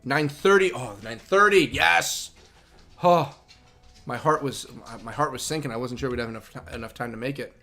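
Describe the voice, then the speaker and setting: Excitable bright-voiced male streamer. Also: medium pitch, moderate pace, faint music behind. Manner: excitable, laughs often, talks to his dog. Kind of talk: live game stream commentary.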